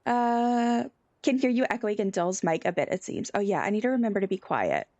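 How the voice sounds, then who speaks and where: A woman streamer chatting casually on a live stream, animated and giggly. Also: mid-range voice, brisk, no echo, highs cut off.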